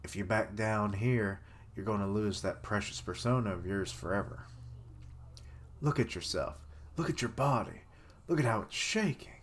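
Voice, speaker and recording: Guy streaming a manga reaction, lowish voice, cracks jokes and swears a lot. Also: moderate pace. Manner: joking, swears often, laughs at own jokes. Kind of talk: live reaction, reading aloud and commenting.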